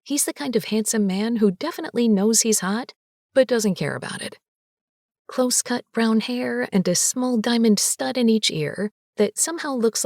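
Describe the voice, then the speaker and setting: A woman reading an audiobook in first person, her voice fairly high and full of sass. She leans into the wry asides with lively expression. The recording is close and dry. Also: dry recording. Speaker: audiobook narrator.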